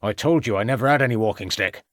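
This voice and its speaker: A man's voice: fairly low pitch, fast talker, no echo, studio quality, close to an everyday voice. A man voicing a surly, aggressive farmer suspect who talks in defiant, ungrammatical rustic speech.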